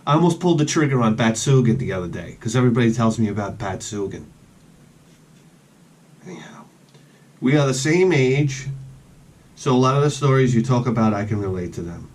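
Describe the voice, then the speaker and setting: A man talks in a loose, rambling vlog style, drifting from one joking aside to the next. His voice has a slightly husky edge. His pitch moves a lot as he talks. He is recording outdoors. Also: expressive, a little fast, long pauses, darkish tone. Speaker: collector vlogger.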